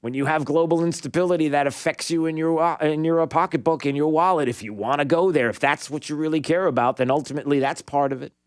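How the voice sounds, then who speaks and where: A man's voice: on the high side, fast, hardly any pauses, smooth, no room sound, clean studio sound. A man hosting a talk radio show, giving an opinionated monologue in a sarcastic way and bantering with his producer.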